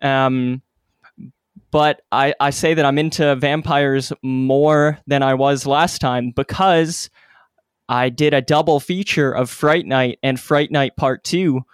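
A man's voice: medium pitch, fairly even intonation, takes it slowly, clean tone, no echo, clean studio sound. A man co-hosting a podcast, talking candidly and correcting himself as he goes. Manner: self-correcting, hesitant, candid. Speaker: podcast co-host. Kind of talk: casual podcast chat.

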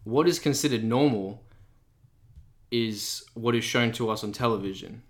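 A young man co-hosting a podcast, talking casually and thoughtfully with a croaky, sore voice. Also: medium pitch, normal speed. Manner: thoughtful, rambling with restarts. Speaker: podcast co-host. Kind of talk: casual chat.

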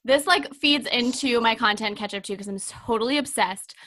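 A young woman co-hosting a chatty podcast, gushing and animated as she talks. Her voice sits a little high and sounds bright and forward. She fills her talk with lots of "like". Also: normal speed. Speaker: podcast co-host. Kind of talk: casual chat.

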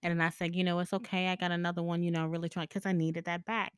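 A woman's voice: lowish voice, little pitch movement, fast, smooth, no room sound, studio quality. A woman hosting a podcast alone, telling personal stories in a candid, chatty way, laughing often and swearing freely. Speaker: podcast host. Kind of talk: casual storytelling monologue.

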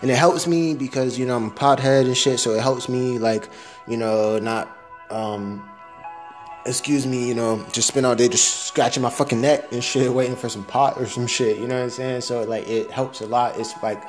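A man's voice: medium pitch, fairly even intonation, normal speed, faint music behind. A young man rambling through a casual, profane audio diary, laughing at his own jokes.

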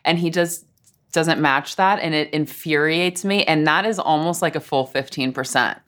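A woman's voice: low voice, moderate pace, fairly bright tone. A woman hosting a podcast, gushing and affectionate with her guest, who also reads the show's closing plugs. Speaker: podcast host. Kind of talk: interview and scripted outro.

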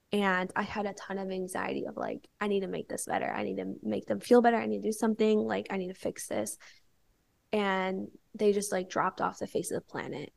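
A woman's voice: medium pitch, vocal fry. A young woman, a podcast guest, telling a candid personal story in casual chat, filling her talk with "like". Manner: candid storytelling, many filler "like"s.

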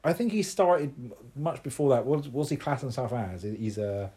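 A man's voice: mid-range voice, expressive, normal speed, warm tone, breathy edge. Man, co-host, casual chat, rambling, searching for words, mid-range voice.

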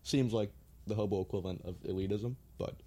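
A man's voice: on the low side, quick pace, mellow. A young American man telling travel stories in a laid-back, joking way, with some swearing. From United States. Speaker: guest. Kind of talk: casual storytelling.

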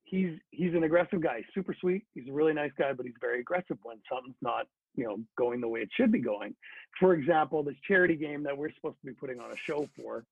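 A man's voice: a little high, fast talker, gravelly, husky, no echo. A middle-aged man who is a former hockey player, telling a story in a chatty, casual way with many fillers and restarts. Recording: dry phone-like sound.

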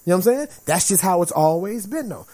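A man's voice: sits high, quick pace. A man in his forties talking in a casual chat as a podcast co-host, emphatic and slangy. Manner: animated, emphatic, slangy, acts out quoted voices.

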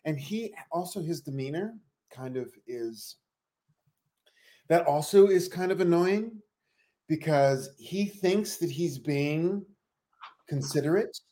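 A man with a high, light voice chats about a reality show. He talks animatedly, jumps into other people's lines and swears freely. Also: takes it slowly, long pauses. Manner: animated, acts out quotes, swears. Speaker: podcast co-host. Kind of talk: casual reality TV recap chat.

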